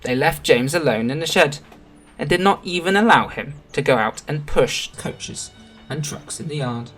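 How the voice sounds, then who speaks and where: A man reading a children's storybook aloud in a gentle, expressive way. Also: on the high side, moderate pace, faint music behind.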